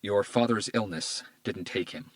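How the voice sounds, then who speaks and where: Man reading calm male detective, quiet, steady, deep voice, dry close sound, crime audiobook. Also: measured pace, no echo, natural voice. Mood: gentle.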